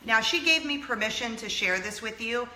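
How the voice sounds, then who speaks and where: Woman host in her thirties, heartfelt casual vlog storyteller, bright tone, roomy echo. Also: fairly high pitch, expressive, moderate pace, slight background noise. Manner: emotional, earnest, near tears at times.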